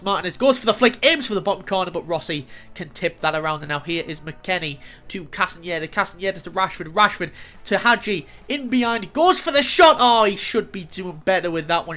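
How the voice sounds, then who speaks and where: A man casually commentating over his own football video game highlights, getting loud and excited on chances and goals. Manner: swears casually, chuckles at his own replays. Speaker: gaming YouTuber.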